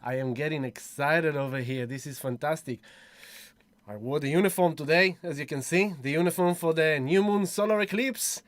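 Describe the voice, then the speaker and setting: A man's voice: on the high side, normal speed, dry recording. A man hosting a casual livestream, effusive and whooping as he greets viewers one by one. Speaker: livestream host.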